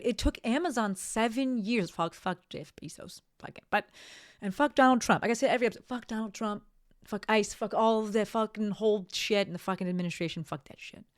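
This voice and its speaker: A woman hosting a solo podcast, talking bluntly with lots of swearing and rambling tangents, often tagging sentences with "right?". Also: medium pitch. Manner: blunt, profane, rambling with frequent "right?" tags. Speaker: podcast host. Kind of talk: casual solo podcast monologue.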